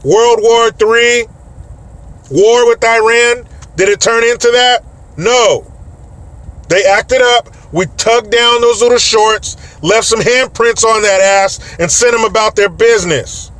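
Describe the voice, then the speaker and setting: A man's voice: very high voice, fairly even intonation, slow pace, fairly bright tone. A man giving a blunt, profane, mocking political rant as a commentator. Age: adult with children.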